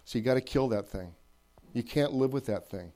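Male preacher, warm low-key tone, chatty sermon with repeated emphatic lines. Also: normal speed. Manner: conversational, repetitive emphatic phrasing, checks in with listeners. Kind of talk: informal sermon.

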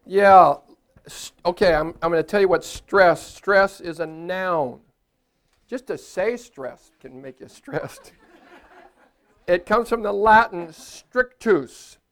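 A man's voice: high-pitched, slow. An older man preaching a sermon as a pastor in a church, chatty and playful, laughing at his own jokes.

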